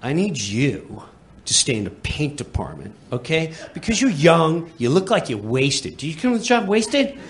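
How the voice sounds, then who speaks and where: A comedian voicing a snippy middle-aged hardware clerk who lectures in a stern, clipped way, in a comedy club with the audience laughing. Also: male voice, on the high side, big pitch swings, moderate pace. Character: snippy serious forties hardware clerk, uptight. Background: crowd laughing.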